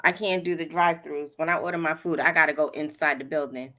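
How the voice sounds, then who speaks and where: Bright, excitable New woman. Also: sits low, quick pace. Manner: excitable, emphatic, joking. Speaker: guest. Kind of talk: casual livestream chat.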